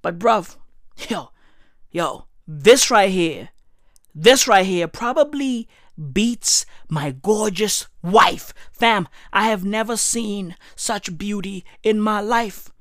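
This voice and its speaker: Woman in her 30s, gushing and profane, lively pitch, slow drawl, dry close mic. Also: dry recording. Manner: profane, effusive, heavy slang. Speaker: podcast host. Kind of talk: gushing comic monologue.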